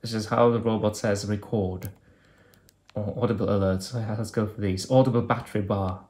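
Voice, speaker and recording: A man's voice: on the low side, steady tone, moderate pace, darkish tone. A man reviewing an old phone, talking casually and thinking aloud with hesitant fillers as he clicks through menus. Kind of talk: casual hands-on product demo.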